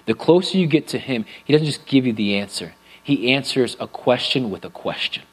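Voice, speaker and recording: A man preaching a sermon to a congregation, with expressive delivery that swings between loud emphasis and hushed, quiet lines. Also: mid-range voice, moderate pace, breathy edge, rough recording. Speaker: pastor. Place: church sanctuary with live and online congregation.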